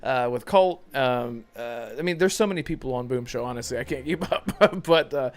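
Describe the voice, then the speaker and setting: A man hosts a gaming podcast in loose, casual chat, laughing often and reading the chat aloud. His voice is mid-range and his pace moderate.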